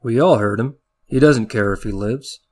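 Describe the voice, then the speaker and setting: A man's voice: mid-range voice, moderate pace, lightly acted. A man voicing a big, blunt male army veteran who provokes the others. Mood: provoking.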